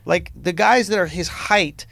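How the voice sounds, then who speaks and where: A man hosting a podcast in casual chat, emphatic and swearing freely, speaking in quick bursts. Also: high-pitched, creaky, fairly bright tone, no room sound. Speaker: podcast host.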